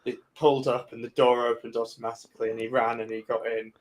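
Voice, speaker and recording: A man's voice: medium pitch, fast talker. A man with a mid-range voice hosts a casual podcast. He recounts anecdotes at an easy pace, dotting them with ums and likes. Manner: relaxed storytelling with fillers. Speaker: podcast host.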